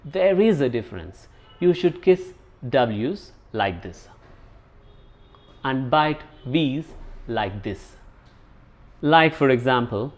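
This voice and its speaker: A man with an Indian English accent teaching a pronunciation lesson, explaining points and demonstrating sounds slowly. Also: mid-range voice, big pitch swings, darkish tone. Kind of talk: scripted lesson narration.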